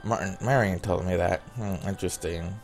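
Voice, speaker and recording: A man with a very low, gravelly voice reads a visual novel's lines aloud, one after another, in his own plain voice. Now and then he breaks off to comment casually, and faint music sits behind him. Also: normal speed, darkish tone. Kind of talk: reading game dialogue aloud with asides.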